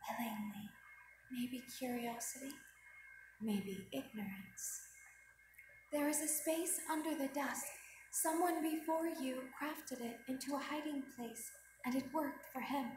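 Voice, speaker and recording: An actress voicing a calm, mysterious female animatronic who guides the player in measured, quietly ominous tones, in game audio. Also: sits high. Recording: echoey game audio with background hum.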